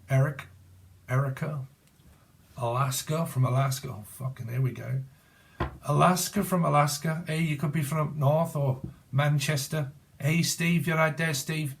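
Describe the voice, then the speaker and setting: With a medium-pitched voice and a British accent, this man in his forties meanders through a relaxed tarot reading. He cracks jokes, makes free-associating puns, laughs a lot and swears offhandedly.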